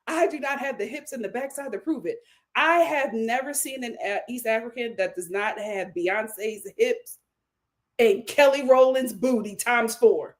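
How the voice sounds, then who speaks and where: Woman with a high bouncy voice, reading super chats, laughing a lot and getting loud. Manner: animated, laughs often, loud outbursts. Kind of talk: casual livestream chat.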